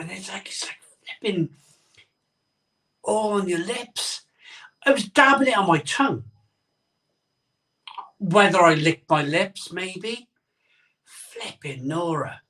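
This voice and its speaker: A man's voice: high voice, expressive, a little slow, pauses often, a bit bright, recorded from a distance. A man hosting a live beer-tasting stream, talking in a rambling, self-interrupting way while his mouth burns from chili. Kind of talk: casual live-stream chat. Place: home room, streaming live.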